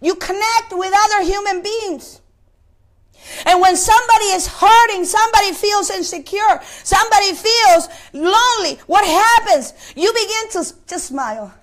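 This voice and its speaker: A woman's voice: very high voice, moderate pace, fairly bright tone. A woman preaching a sermon, asking the congregation questions and repeating words as she searches for the next phrase. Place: place of worship.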